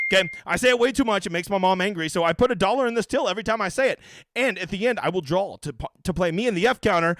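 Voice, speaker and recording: Fast-talking brash, profane male streamer. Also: high-pitched, animated, fairly bright tone, no echo. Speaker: fantasy golf streamer. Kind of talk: casual livestream chat.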